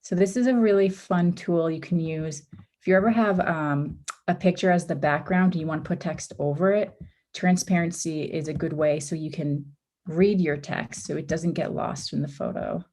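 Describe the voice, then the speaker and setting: A woman's voice: on the low side, fairly even intonation, moderate pace, a little mellow. Woman teaching, losing her voice. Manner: casual, step-by-step, with frequent ums and oopses. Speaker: workshop instructor. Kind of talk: live screen-share design tutorial.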